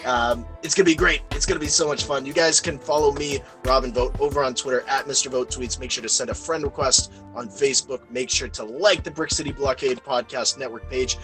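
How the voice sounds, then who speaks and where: A man from the United States hosting a podcast, talking in an animated, gushing way and plugging social media. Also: mid-range voice, a little fast, few pauses, faint music behind. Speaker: podcast host. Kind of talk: excited podcast chat.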